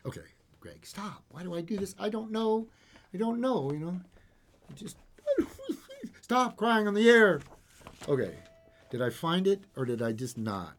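In a radio studio, a radio host plays guitar and sings along, then slips into playful, rambling chat that pokes fun at himself. His voice is a little high with a darkish tone, very animated, at a normal speed.

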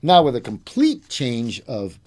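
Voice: medium pitch, huge pitch swings, measured pace, darkish tone. A radio host giving a dramatic reading of a classic ghost story, with playful spooky asides.

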